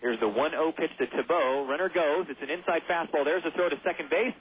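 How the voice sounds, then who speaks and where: A man's voice: a little high, fairly quick, husky. A man calling baseball play-by-play on the radio, chatty and given to jokey asides. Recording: tinny phone-like radio broadcast.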